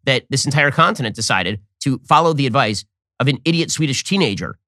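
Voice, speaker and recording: A man hosting a political commentary show, talking in a fast, mocking, sarcastic way. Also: dry recording, clean studio sound. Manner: mocking, rapid-fire, animated pitch swings.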